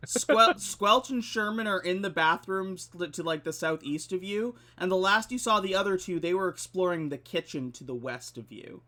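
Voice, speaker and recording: A man narrating a tabletop game as its game master, with a voice a touch higher than most men. He keeps it chatty and laughs easily between descriptions, all on a desk mic over voice chat. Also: lively intonation, normal speed, bright, forceful tone.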